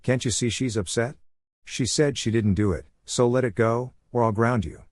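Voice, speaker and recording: A man's voice: mid-range voice, normal speed, no room sound, natural voice. A man reading the lines of an angry, dismissive middle-aged mother in a scolding tone. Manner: snapping, scolding.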